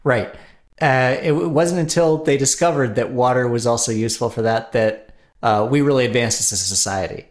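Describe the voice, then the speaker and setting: Man doing a hammy comedic ad read. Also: normal speed. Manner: playful, hammy, shifting pitch for jokes. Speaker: podcast co-host reading an ad. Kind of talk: comedic ad read in casual chat.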